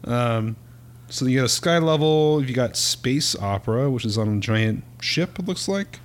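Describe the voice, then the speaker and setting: A man hosting a relaxed chat, moving things along and describing magazine pages plainly. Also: medium pitch, unhurried. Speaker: podcast host. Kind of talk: casual group chat.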